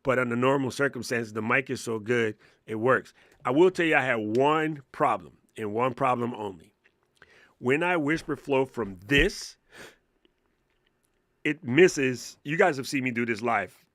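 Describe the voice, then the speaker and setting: A man in his fifties hosting a casual live-stream Q&A from his home studio, animated and laughing, swearing freely. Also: mid-range voice, normal speed, no room sound. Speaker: host. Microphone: studio microphone.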